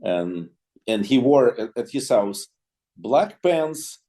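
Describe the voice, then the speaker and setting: Mellow-voiced man telling a lively story. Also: medium pitch, slow. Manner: animated anecdote-telling with many restarts and acted quotes. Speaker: clarinetist guest. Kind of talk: storytelling in an interview.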